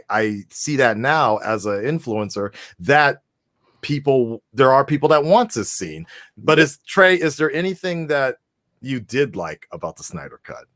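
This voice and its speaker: A man hosting a live call-in discussion at a middle pitch. He rambles casually, swears freely and breaks into laughing asides. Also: lively intonation, normal speed, a bit bright. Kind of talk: casual chat.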